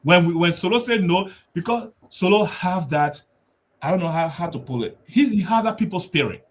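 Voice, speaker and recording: A man telling a story on a talk show, animated, repeating words and laughing often. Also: sits high, normal speed.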